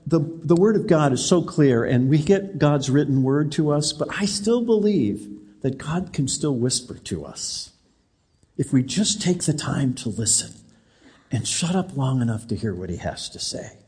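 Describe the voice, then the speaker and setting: A man's voice: medium pitch, sing-song, unhurried, a little mellow, husky. A middle-aged man preaching a sermon as a pastor, in a conversational, personal and direct manner.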